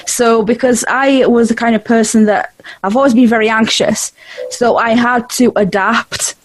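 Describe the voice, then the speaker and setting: A woman's voice: fairly high pitch, fairly even intonation, moderate pace, no room sound, rough recording. A woman from Eastern Europe with a blended Yorkshire and Eastern European accent, hosting a podcast in casual, chatty talk full of fillers and restarts. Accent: Yorkshire mixed with Eastern European. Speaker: podcast host. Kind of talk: casual interview chat. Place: home in Leeds.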